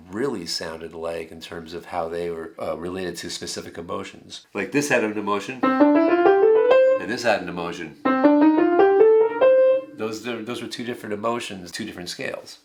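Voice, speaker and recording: A middle-aged man teaching a songwriting workshop, talking in a conversational way and explaining with examples at the piano. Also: sits low. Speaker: songwriting instructor. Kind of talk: lecture with piano demonstrations.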